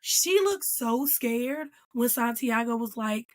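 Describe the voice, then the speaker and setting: A woman hosting her own show, recapping a TV episode in a casual, animated and emphatic way. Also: a little high, slow. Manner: animated and emphatic, acting out characters' lines and calling them "girl". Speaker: host reviewing a TV episode.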